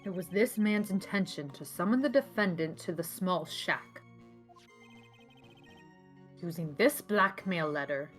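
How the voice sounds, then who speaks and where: A woman's voice: lowish voice, a little slow, pauses often, soft background music, natural voice. A woman reading a haughty cool prosecutor. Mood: composed. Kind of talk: reading game dialogue aloud.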